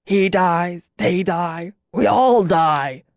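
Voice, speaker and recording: A woman's voice: on the low side, dry recording, studio quality. A woman voicing a grieving drunk ex-dragonrider. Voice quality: thready, wailing. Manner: slow, mournful, slurred and bitter.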